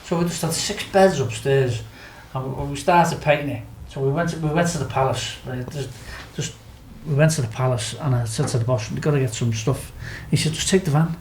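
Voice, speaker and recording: A man's voice: mid-range voice, a little fast, few pauses, darkish tone, reverberant, slight background noise, poor audio. A Scouse man from Liverpool telling a wild story as a podcast guest, laughing often, swearing freely and acting out what people said. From Liverpool, England. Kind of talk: casual anecdote telling.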